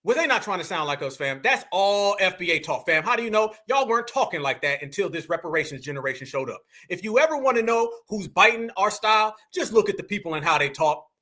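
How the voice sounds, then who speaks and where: A man's voice: high voice, animated, fast talker, hardly any pauses, sharp tone. A man from the United States with an African American English accent, hosting reaction commentary in a blunt, preachy way and calling his viewers family. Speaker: commentary channel host.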